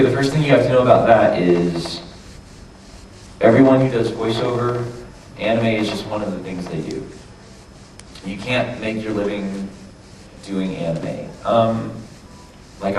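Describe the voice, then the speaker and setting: A man with a worn, hoarse voice, chatting loosely and swearing freely as a voice actor answering questions on a convention panel. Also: fairly low pitch, unhurried, a little mellow, slight background noise. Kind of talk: casual panel Q&A. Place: large convention hall. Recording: echoey hall from far off.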